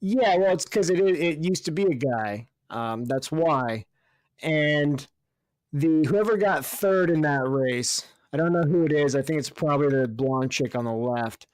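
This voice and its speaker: Man, somewhat high voice, casual sports chat, jokey, laughs a lot, dry close sound. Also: lively intonation, measured pace, no room sound. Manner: jokey, laughs often, swears. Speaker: podcast co-host.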